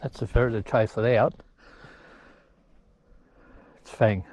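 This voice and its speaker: A man's voice: fairly low pitch, steady tone, takes it slowly. Man out ferreting on a hillside. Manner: chatty, talks to his dogs and ferrets, shouts calls. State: sweaty from climbing hills. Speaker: ferreter filming his hunt. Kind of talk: casual outdoor commentary. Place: outdoors on a hillside.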